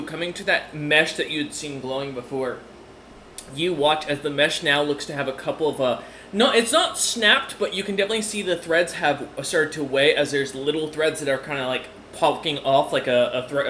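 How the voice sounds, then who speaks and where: A man narrates a tabletop session as game master, wandering through fillers and restarts. His voice is bright and a touch high, and it rings in a roomy space with a faint hiss behind it. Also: normal speed. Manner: rambling, many fillers and restarts.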